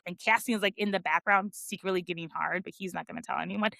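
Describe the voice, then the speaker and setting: A woman hosting a book podcast, retelling chapters in a casual, animated way and reading quotes aloud dramatically. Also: lowish voice, fast talker, vocal fry, dry recording. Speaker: podcast host. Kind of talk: casual book-club recap.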